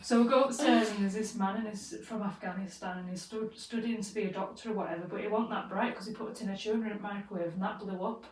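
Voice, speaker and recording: A woman co-hosting a podcast, telling a story in a casual, animated way and swearing freely. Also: medium pitch, fast talker, few pauses, recorded from a distance. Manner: animated, swears freely, acts out quoted voices. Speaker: podcast co-host. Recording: roomy sound, away from the mic.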